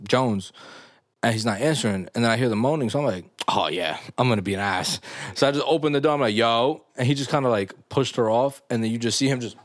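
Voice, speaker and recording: A young man hosting a podcast, telling stories in a loose, animated way full of slang and laughs. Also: medium pitch, quick pace. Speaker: podcast host. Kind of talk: casual podcast chat.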